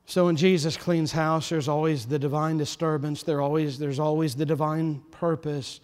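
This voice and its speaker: A man preaching a sermon as pastor, passionate, his voice swelling loud and then dropping soft. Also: a little high, fairly even intonation, normal speed, smooth. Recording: long hall reverb.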